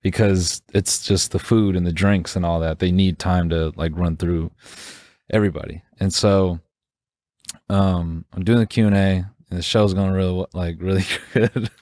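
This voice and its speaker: A comedian co-hosting a podcast, telling a story in casual chat, rambling with lots of fillers and restarts. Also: male voice, deep voice, fairly even intonation, moderate pace, darkish tone, no echo, studio quality. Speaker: podcast co-host; stand-up comedian.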